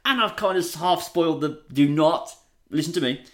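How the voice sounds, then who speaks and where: A young man co-hosting a casual podcast chat, excitable and sweary, laughing often. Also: fairly high pitch, normal speed. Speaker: podcast co-host.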